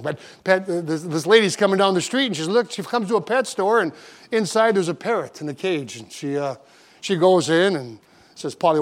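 A man preaching a sermon in a church auditorium, folksy and earnest, after an opening prayer. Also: high voice. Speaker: pastor.

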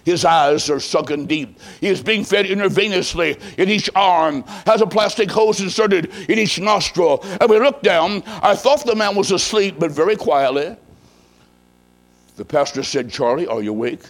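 A man preacher telling a story in a sermon, dramatic, swinging from hushed low tones to loud emphasis. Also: moderate pace, poor audio.

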